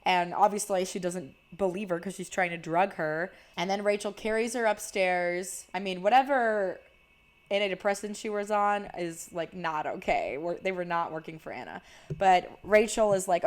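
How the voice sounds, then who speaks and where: A woman's voice: fairly low pitch, normal speed. A young woman casually retelling a horror movie's plot, chatty and full of "like". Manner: chatty, heavy use of "like". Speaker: video creator.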